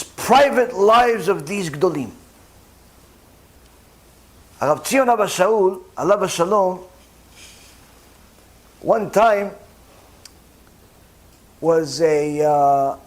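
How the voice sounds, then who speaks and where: Animated high-voiced rabbi preaching. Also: male voice, slow pace, long pauses. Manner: animated, rising in pitch and volume at key points. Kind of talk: sermon storytelling.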